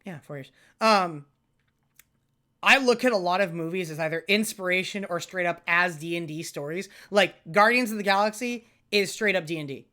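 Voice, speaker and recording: A man's voice: sits high, normal speed, sharp tone. A man co-hosting a podcast, chatting casually in a rambling way with many fillers and restarts. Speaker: podcast co-host. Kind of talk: casual chat.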